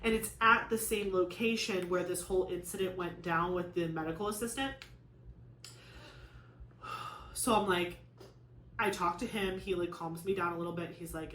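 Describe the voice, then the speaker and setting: A woman's voice: lowish voice, a little fast, pushed and bright. A young woman chatting casually to camera as a crafting vlogger, telling a long story in a rambling way, full of "like" and restarts. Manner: rambling, filler-heavy storytelling with many "like"s. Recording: echoey room with faint noise.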